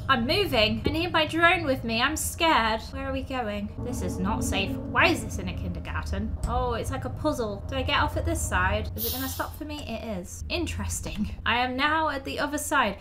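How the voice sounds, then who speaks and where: A woman's voice: high voice, moderate pace, music in the background. A young woman hosting a horror game let's-play, chatty and playful, joking aloud and talking to the things on screen. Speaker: gaming video host. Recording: steady background noise.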